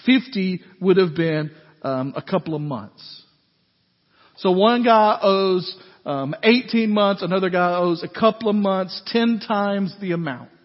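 High-voiced pastor preaching in echoey hall. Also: male voice, measured pace. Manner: conversational, animated preaching with asides to the congregation. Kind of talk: sermon. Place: church sanctuary. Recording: echoey hall, dull lo-fi sound.

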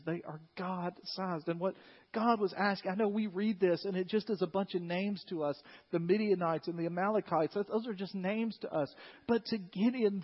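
A pastor preaching a sermon, animated and conversational, retelling scripture and acting out its figures in asides. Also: male voice, high voice, breathy edge. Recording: long hall reverb, dull lo-fi sound.

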